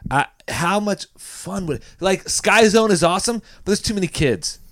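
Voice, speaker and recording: A man co-hosting a casual podcast chat, animated and quick to laugh. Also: high voice, no echo, studio quality. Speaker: podcast co-host.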